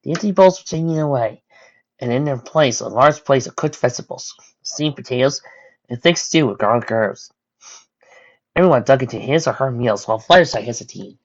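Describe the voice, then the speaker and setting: A reader narrating a fan story, lively with occasional slips, in a muffled lo-fi recording. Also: medium pitch, a little fast.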